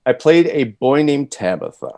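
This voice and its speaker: A man's voice: medium pitch, very animated, normal speed, gravelly, a crowd in the background. A man, a voice actor, chatting candidly and with self-deprecating humor as an interview guest. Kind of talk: casual interview chat.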